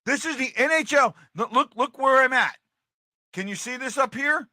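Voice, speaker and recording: A man's voice: very high voice, moderate pace, bright, forceful tone, no room sound, studio quality. A man hosting a casual hockey livestream, chatting to his viewers and repeating himself as he talks. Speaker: hockey podcast host.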